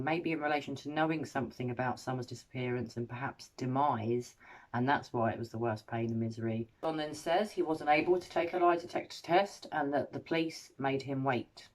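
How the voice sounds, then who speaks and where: A woman hosting an analysis video, paraphrasing recorded quotes and weighing each one in a measured, analytical way. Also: a bass voice. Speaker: host analysing a recorded interview. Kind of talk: scripted commentary.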